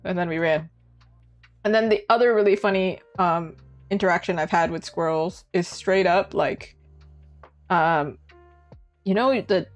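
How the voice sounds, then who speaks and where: Giggly young woman chatting on stream. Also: moderate pace. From Canada. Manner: chatty and giggly, lively swings in pitch. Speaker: art streamer. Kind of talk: casual live-stream chat. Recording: faint music behind.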